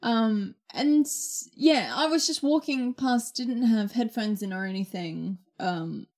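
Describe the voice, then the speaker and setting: A woman's voice: on the high side, slow pace. Chatty young woman. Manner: chatty, exclamatory, lively storytelling. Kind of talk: casual chat.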